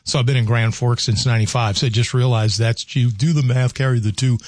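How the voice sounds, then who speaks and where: Older male radio host, sixties, easygoing, mid-pitched, dry studio. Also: steady tone, brisk, darkish tone, no room sound. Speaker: radio talk show host. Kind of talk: casual radio talk. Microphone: studio mic.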